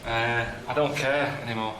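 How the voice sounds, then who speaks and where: A man, presenting a travel documentary on location in a deadpan, weary, grumbling way. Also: medium pitch, moderate pace, background noise.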